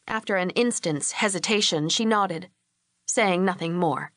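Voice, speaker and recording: Low-voiced woman narrating an audiobook. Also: measured pace, a bit bright, no room sound, clean studio sound. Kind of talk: scripted narration.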